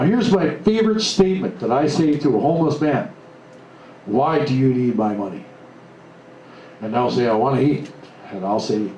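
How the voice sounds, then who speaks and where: Blunt animated male speaker, echoey room. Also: mid-range voice. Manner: blunt, animated storytelling with acted-out quotes. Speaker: motivational speaker. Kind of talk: live talk to an audience. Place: room with a live audience. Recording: echoey room, mic at a distance, faint noise.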